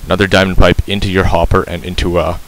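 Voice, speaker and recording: A man's voice: low-pitched, level tone, fast, rough recording. A man giving a casual game tutorial, rambling and correcting himself with lots of ums, breathing heavily into a cheap mic held very close to his mouth.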